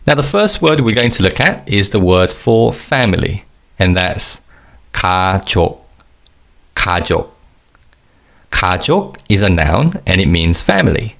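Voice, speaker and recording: A man's voice: fairly low pitch, sing-song, moderate pace, creaky, a bit bright. A man teaching a recorded language lesson, explaining words patiently and leading repeat-after-me drills.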